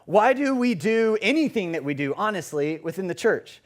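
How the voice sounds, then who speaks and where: A young man with a fairly high voice tells a funny, self-deprecating story from the pulpit. He rambles through it with plenty of fillers, speaking in a church service. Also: big pitch swings, normal speed. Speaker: preacher. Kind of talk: storytelling sermon. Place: church sanctuary.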